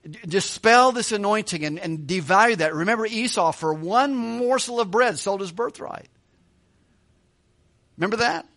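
A man's voice: sits high, a bit bright. A man preaching verse by verse through a Bible passage, reading aloud and adding casual, joking asides. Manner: conversational, joking asides, chuckles often. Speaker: pastor.

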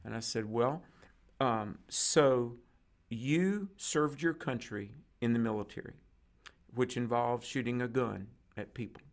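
Gravelly man telling a story. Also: medium pitch, measured pace. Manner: animated storyteller acting out quoted dialogue. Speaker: guest preacher. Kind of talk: storytelling in a conversation.

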